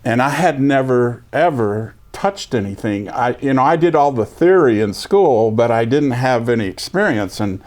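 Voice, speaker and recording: A man's voice: medium pitch, normal speed, hardly any pauses. An older veteran in an oral history interview, telling his story with energy and acting out other people's lines. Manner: lively storyteller, acts out quoted voices.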